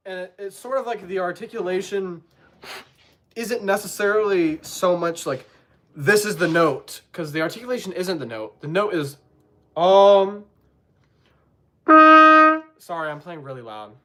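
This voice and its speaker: A man's voice: sits high, normal speed, soft background music. A young man answering trumpet questions on a live stream, in a rambling, self-deprecating way, singing syllables to show his points.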